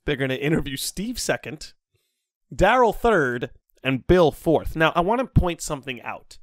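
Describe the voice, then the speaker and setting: A young man hosting a podcast, telling a college story with lively quoted voices and frequent laughter. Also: fairly high pitch, moderate pace, dry recording, studio quality. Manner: animated storyteller, acts out quotes, laughs a lot. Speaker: podcast host. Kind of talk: casual storytelling chat.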